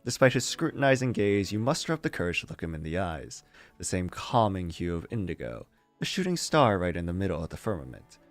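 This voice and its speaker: A man's voice: deep voice, big pitch swings, fairly quick, no room sound, soft background music. A man streaming, reading fanfiction aloud in a casual way with amused, disbelieving asides and frequent laughter. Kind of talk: casual read-aloud with commentary.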